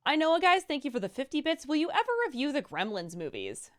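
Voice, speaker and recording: A woman with a high, bouncy voice reads out viewer donations on a live stream. She is brisk and upbeat and sometimes trips over hard names. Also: big pitch swings, a bit bright. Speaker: co-host reading viewer donations. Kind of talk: reading out chat messages on a live stream.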